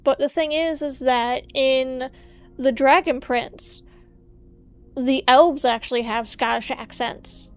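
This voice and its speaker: A woman's voice: sits high, fairly even intonation, slow, smooth. A woman VTuber streamer chatting casually on a livestream, ranting playfully with strong opinions.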